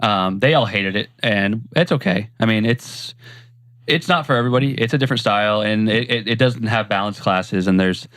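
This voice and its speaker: A man's voice: lowish voice, fairly quick, a bit bright, no room sound. A young man co-hosting a casual gaming podcast, rambling along with many ums and restarts. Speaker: podcast co-host. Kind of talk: casual chat.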